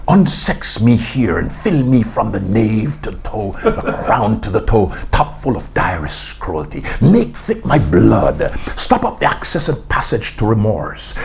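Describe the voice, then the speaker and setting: A man reciting Lady Macbeth as a scheming queen who summons dark spirits, slow and hushed. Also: lowish voice, creaky, slight background noise, voice pushed down, full character voice.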